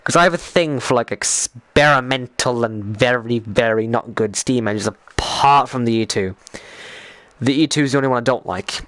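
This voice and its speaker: A man's voice: medium pitch, moderate pace, a bit bright, dry recording. A young Irish man chatting casually on a live stream, rambling, swearing freely and getting worked up as he talks.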